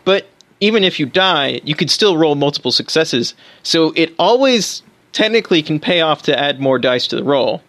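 A man's voice: fairly high pitch, animated, normal speed, a bit bright, dry recording. A man co-hosting a casual podcast about tabletop games, talking enthusiastically with fillers and restarts. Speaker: podcast co-host.

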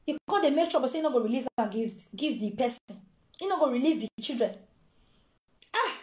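High-voiced Nigerian Pidgin woman telling a story. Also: quick pace. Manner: animated, repetitive, acts out quoted voices. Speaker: storyteller vlogger. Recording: roomy echo.

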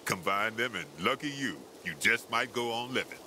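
A man's voice: medium pitch, moderate pace, noisy background, natural voice. An actor playing a cautious, earnest adult male survivor in a video game. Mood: steady.

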